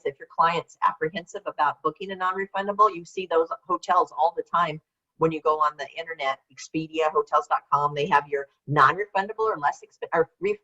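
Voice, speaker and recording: A woman's voice: lowish voice, pushed and bright. Chatty older woman on a dull call line. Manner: chatty, rambling, answers typed questions. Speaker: webinar presenter. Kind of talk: casual online workshop presentation. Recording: slightly dull lo-fi call audio.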